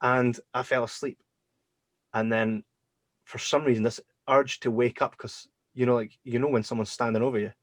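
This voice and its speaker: A man hosting a podcast, telling personal stories in a casual, animated way and acting out his own reactions. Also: mid-range voice, normal speed, dry recording. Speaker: podcast host. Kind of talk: casual storytelling chat.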